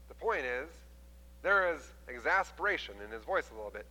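A man preaching a sermon, retelling a scripture story with lively voices for the people in it. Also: medium pitch, fairly quick, in a large hall, rough recording. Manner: animated storytelling, acting out quoted voices. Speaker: pastor.

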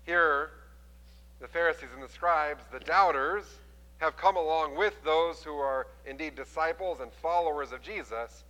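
A man preaches with a bright, ringing voice, acting out the people in his story with sudden rises in pitch and loudness. His voice sits a little higher than most men's. It echoes with the long reverb of a large hall. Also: measured pace. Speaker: pastor. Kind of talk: sermon.

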